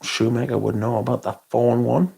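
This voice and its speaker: A man's voice: medium pitch, steady tone, moderate pace, creaky, mellow, husky. A sleepy man hosting a casual livestream, reading viewer comments aloud and answering them. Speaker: livestream host.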